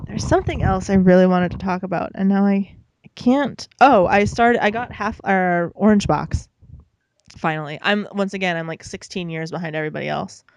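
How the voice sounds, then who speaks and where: A woman's voice: lowish voice, normal speed, muffled recording. A young woman co-hosting a gaming podcast, chatting casually in a giggly, rambling way, full of "like" and "um". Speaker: podcast co-host. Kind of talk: casual chat.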